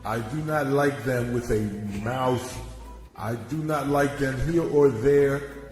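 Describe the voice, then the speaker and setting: A man voicing a grown football player who reads a children's book aloud in a slow, halting way. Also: mid-range voice, close to an everyday voice. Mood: plodding. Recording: echoey hall over loud music.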